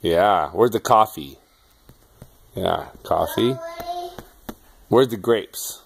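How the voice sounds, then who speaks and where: A man talking baby talk to his toddler, asking slow sing-song questions and making animal sounds. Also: low-pitched, lively intonation, creaky, background noise. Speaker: parent.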